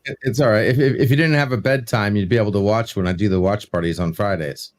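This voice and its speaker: A man's voice: lowish voice, quick pace. A man chatting casually on a review panel, teasing a friend and laughing often. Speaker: podcast panelist. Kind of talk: casual chat.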